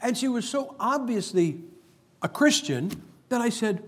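A man's voice: extremely high pitch, expressive, unhurried, breathy edge. A man preaching a humorous sermon, telling stories and making emphatic points with jokes. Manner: joking, storytelling, emphatic preacher.

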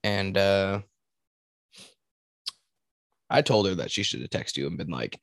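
A deep-voiced man co-hosts a podcast with animated, casual banter, captured as a dry, clean studio recording. He rambles and swears, halting and restarting his sentences again and again.

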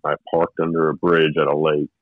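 A man's voice: rumbling low, completely flat delivery, brisk, no room sound, phone-quality sound. A man telling a personal spiritual story in a rambling way, with restarts and short laughs. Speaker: guest telling his testimony.

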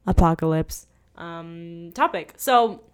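A young woman hosting a podcast in casual chat, joking and excitable, with lots of fillers. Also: lowish voice, slow, clear, resonant tone. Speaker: podcast host.

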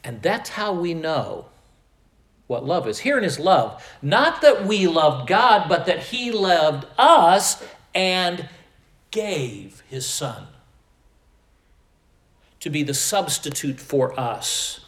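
A man preaching a sermon at a deliberate, unhurried pace, his voice sitting a little high for a man. He swells and drops his volume for emphasis, and the room around him rings with echo. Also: sing-song, a bit bright. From American Midwest. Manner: slow, emphatic preaching with rising and falling volume. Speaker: pastor.

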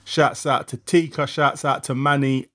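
A man co-hosting a podcast and DJing, chatting in a relaxed, slang-heavy way. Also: medium pitch, measured pace, slight background noise. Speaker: podcast co-host and DJ. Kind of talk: casual chat.

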